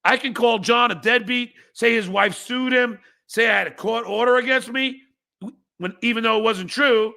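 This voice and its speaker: A man hosting a livestreamed podcast who rants angrily at chat commenters, swearing and breaking into shouts, then reads viewer messages aloud and mocks them. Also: very high voice, moderate pace, gravelly. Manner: angry, profane, bursts into shouting; reads viewer chats aloud with mocking replies. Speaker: podcast host.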